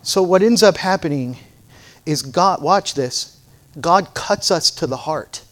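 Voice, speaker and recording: A man's voice: a little high, lively intonation, measured pace, fairly bright tone. A middle-aged male pastor preaching a sermon, moving from playful storytelling to fervent exhortation.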